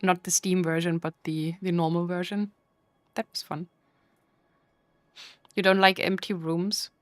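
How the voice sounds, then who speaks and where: A woman's voice: lowish voice, little pitch movement, a little slow, dry recording, soft background music. A woman streamer chatting casually with her live chat while playing, playful and full of mock outrage.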